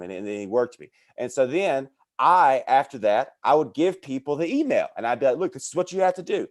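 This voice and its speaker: A man's voice: medium pitch, a little fast, hardly any pauses. A man, a comedian guest, telling stories about his career in a casual podcast chat, acting out the people he quotes. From American South. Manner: animated storyteller who acts out quoted voices.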